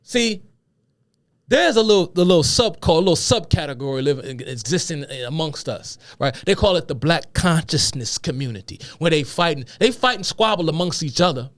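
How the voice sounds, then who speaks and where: A man's voice: on the high side, lively intonation, moderate pace, a bit bright, dry recording. A man speaking hosts a solo political commentary, reading quotes aloud and breaking off into heated, profane rants. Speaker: commentary host.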